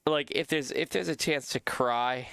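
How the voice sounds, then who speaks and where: A man's voice: a little slow, creaky, smooth, dry recording. A young man streaming, telling a story in casual chat, acting out quotes and swearing casually. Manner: animated, acts out quotes with big pitch jumps; swears casually, repeats phrases.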